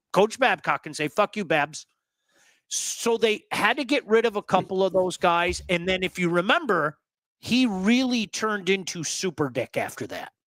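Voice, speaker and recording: A man hosting a casual hockey talk show, telling blunt, animated stories and repeating words for emphasis. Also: sits high, dry recording. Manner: blunt, swears.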